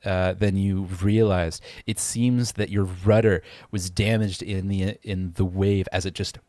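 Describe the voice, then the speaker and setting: A man runs a tabletop game as its game master, his low voice hesitant and filled with ums and restarts. The recording is dry and close to the mic. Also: fairly even intonation, unhurried, darkish tone, no echo.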